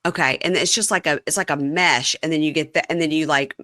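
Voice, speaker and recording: A woman's voice: low-pitched, quick pace. A woman podcast host casually recapping a reality show, acting out the people she quotes. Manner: animated, acts out quoted lines in raised voices.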